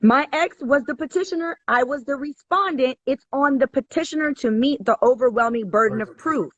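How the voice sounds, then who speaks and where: A woman's voice: sits high, a little fast, no room sound. Heated, foul-mouthed woman on a dull lo-fi stream. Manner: heated, profane, emphatic storytelling. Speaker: guest. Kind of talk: casual chat. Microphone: live online video call. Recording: dry, dull lo-fi stream audio.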